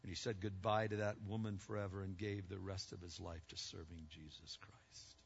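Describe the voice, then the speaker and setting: A man preaching a sermon as pastor. His delivery swings between loud, emphatic peaks and hushed, low passages. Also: level tone, moderate pace, vocal fry, slight background noise. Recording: muffled lo-fi sound with long reverb.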